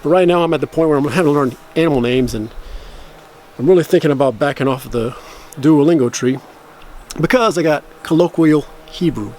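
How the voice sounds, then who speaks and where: The voice is a man's, a little high and a little mellow, with a little hiss or hum on the recording. Chatting casually to camera about learning a language, he gives rambling, self-correcting explanations and practices phrases slowly and carefully.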